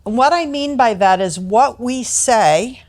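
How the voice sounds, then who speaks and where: A woman's voice: fairly high pitch, lively intonation, slow pace, a little mellow. American woman giving a training talk. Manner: storytelling, acts out quoted voices.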